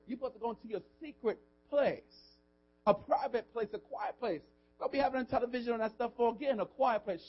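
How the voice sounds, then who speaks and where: A man preaching a sermon as pastor, swinging between hushed, tender passages and loud, drawn-out emphasis, with frequent "come on" asides to the congregation. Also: very high-pitched. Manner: preaching with rising and falling intensity, call-and-response asides. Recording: dull lo-fi audio.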